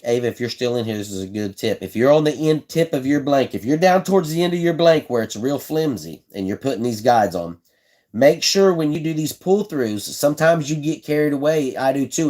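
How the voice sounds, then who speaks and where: A man's voice: mid-range voice, lively intonation, brisk, darkish tone. Laid-back man demonstrating a hands-on craft. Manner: chatty, repeats himself, talks to viewers in chat; laid-back, folksy phrasing. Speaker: livestream host building fishing rods. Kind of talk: casual live how-to demonstration.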